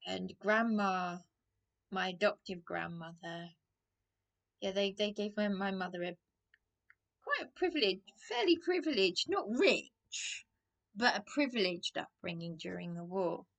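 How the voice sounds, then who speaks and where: A middle-aged woman from England, delivering a rambling rant to camera, halting with many restarts and dropping into hushed asides. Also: mid-range voice, expressive, gravelly. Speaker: vlogger.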